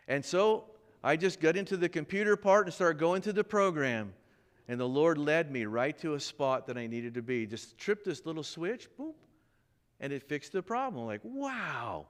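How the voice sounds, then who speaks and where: In church, a pastor preaches a sermon built around a personal story, animatedly acting out the voices of the people involved. His mid-range voice moves at a normal speed.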